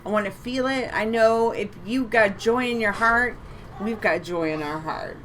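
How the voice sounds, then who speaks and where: A woman's voice: on the high side, moderate pace, fairly bright tone, a little hiss or hum. Upbeat woman chatting on a home stream. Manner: chatty and upbeat, repeats words for emphasis. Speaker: co-host of a psychic reading stream. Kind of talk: casual live-stream chat.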